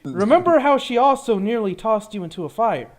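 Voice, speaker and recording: A careful, calm adventurer voiced by a player murmurs warnings in a low, conspiratorial tone. The voice is quiet and steady, though the pitch still rises and falls widely. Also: brisk, close to an everyday voice. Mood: cautioning. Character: Bernard, calm cautious adventurer. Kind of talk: tabletop role-play.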